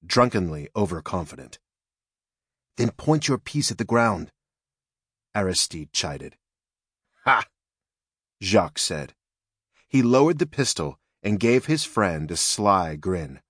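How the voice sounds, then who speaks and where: This man narrates an audiobook in a steady, measured storytelling style. His voice is lowish, and the studio-quality recording has no echo.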